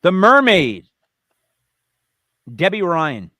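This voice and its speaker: A man with a fairly high, very lively voice, joking his way through a list as co-host of a live talk stream. He talks in playful, emphatic bursts, recorded close and dry. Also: very slow, no echo. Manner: playful, jokey, rattles off names with emphatic bursts. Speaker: podcast co-host. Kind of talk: casual live-stream banter.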